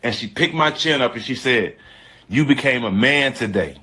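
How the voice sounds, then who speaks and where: A man's voice: medium pitch, lively intonation, moderate pace, sharp tone, breathy edge. A man telling a personal story in casual slang, emphatic and repetitive, often restarting his sentences. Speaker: storyteller guest.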